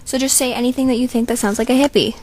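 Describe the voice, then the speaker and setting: A woman with a slightly high, thin voice talks through a casting call for her project. She rambles in an offhand, chatty way, with plenty of fillers and asides. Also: fairly even intonation, rapid-fire, darkish tone, a little hiss or hum. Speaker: creator announcing a voice casting call. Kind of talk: casual unscripted casting-call chat.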